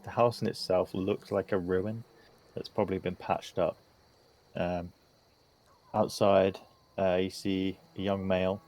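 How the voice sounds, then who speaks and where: A man narrating as game master, relaxed and hesitant with frequent fillers. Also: low-pitched, unhurried, pauses often. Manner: relaxed, hesitant with many ums.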